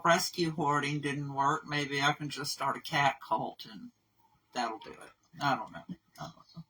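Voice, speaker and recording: A woman who runs an animal rescue, talking candidly in a casual vlog update, rambling and halting with fillers. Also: sits low, sharp tone. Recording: voice somewhat far from mic.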